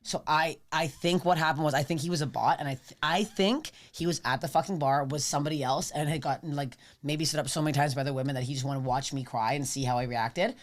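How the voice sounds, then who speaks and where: Woman in her 30s, podcast guest; brisk, salty, animated comic anecdotes. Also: deep voice. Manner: rapid, profane, animated storytelling. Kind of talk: casual chat, comic storytelling.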